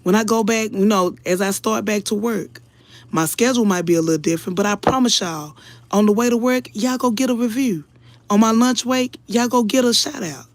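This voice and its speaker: Woman commentator, casual live chat, earnest and preachy, emotional, middle pitch, dry close sound. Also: fairly quick, no room sound. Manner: earnest, preachy, keeps addressing the audience as y'all. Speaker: online commentator.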